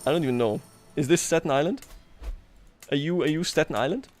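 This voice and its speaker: A man's voice: a little high, brisk, soft background music. A man livestreaming a strategy game, talking casually to his chat, self-mocking and chuckling often. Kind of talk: casual gameplay commentary.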